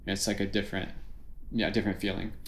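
A man's voice: low-pitched, little pitch movement, quick pace. Middle-aged male juggler, thoughtful talker, echoey room. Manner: reflective, explains ideas at length. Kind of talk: casual conversation. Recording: roomy echo.

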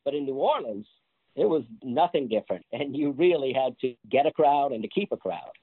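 A man, an interview guest, recounts his street-performing days in a lively, chatty way, breaking into laughter now and then. His voice comes through a thin, phone-like line. There is little room sound around him. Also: mid-range voice, a little fast, breathy edge, no room sound. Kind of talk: casual storytelling interview. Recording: tinny phone-like line, dry.

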